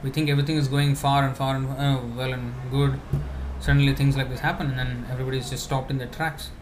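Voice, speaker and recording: A man giving a conversational spiritual talk, answering questions with many fillers and restarts, now and then laughing softly. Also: medium pitch, level tone, quick pace, noisy background.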